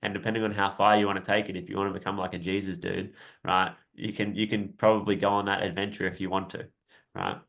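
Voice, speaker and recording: A young man coaching viewers in a relaxed, rambling live talk, often tagging "right?" and laughing lightly now and then. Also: low-pitched, fast talker, vocal fry. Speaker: self-help coach. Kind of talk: casual live-stream talk.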